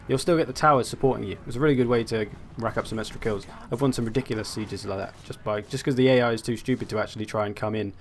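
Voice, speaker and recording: Young male host, casual game commentary, wry asides, middle pitch. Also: slight background noise. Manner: chatty, wry, thinking aloud. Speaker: gaming channel host.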